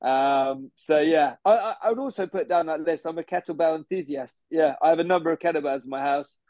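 A man doing a smug young bro, pompous and self-assured, rambling on about himself in a fairly high voice. The sound is close and dry, with no room around it. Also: a little fast, a little mellow, dry recording, natural voice, rough recording. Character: smug posh young City bro, boastful gym fanatic. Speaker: podcast guest. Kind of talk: improvised character comedy.

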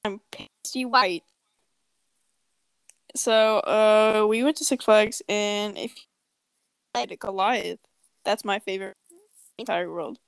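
A woman's voice: medium pitch, slow, vocal fry, long pauses, clean tone, no room sound. A young woman co-hosting a podcast, telling a story in a joking, profane, casual way. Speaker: podcast co-host. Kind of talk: casual chat.

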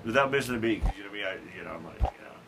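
A man's voice: fairly low pitch, lively intonation, racing, creaky, background noise. A man hosting a casual talk show, rambling with lots of stammered restarts and fillers. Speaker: podcast host. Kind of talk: casual chat.

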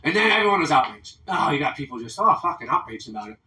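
Podcast host, American man, profane and animated, mocks others' voices; bright tone, roomy room. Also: a little high, fast. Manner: profane, animated ranting with mocking quoted voices. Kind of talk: casual podcast rant. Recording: roomy, mic at a distance.

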